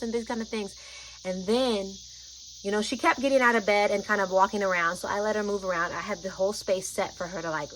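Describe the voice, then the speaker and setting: A woman's voice: medium pitch, fast talker, slight background noise, rough recording. Chatty woman telling a story. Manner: animated, chatty, full of "like" and "y'all". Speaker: vlogger. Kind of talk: personal storytelling to camera.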